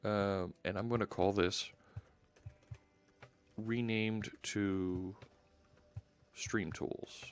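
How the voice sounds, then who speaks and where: A man's voice: fairly low pitch, fairly even intonation, extremely slow, pauses often, smooth. A man hosting a live stream, chatting casually and thinking aloud as he works at his computer. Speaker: host. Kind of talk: live-stream coding chat.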